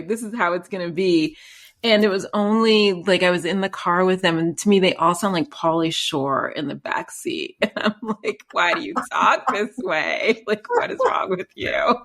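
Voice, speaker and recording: A woman hosting a podcast in casual conversation, chatty, laughing often and tossing in quick asides. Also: mid-range voice. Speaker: podcast host.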